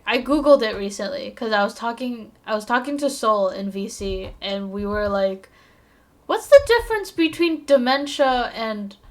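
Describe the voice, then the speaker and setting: A woman streaming live while she draws, chatting casually with her viewers in a playful, rambling, self-mocking way, quick to apologize and laugh. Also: mid-range voice, a bit bright.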